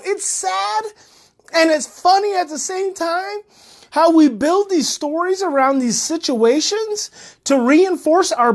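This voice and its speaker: A woman who is a parenting educator, talking in a casual monologue. She is animated, repeats her phrases and gets worked up. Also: high-pitched.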